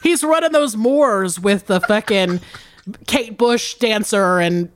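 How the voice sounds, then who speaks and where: In casual podcast chat, a woman co-host speaks at a slow pace with a medium pitch, with no room sound. She swears playfully, repeats herself, and keeps restarting her sentences.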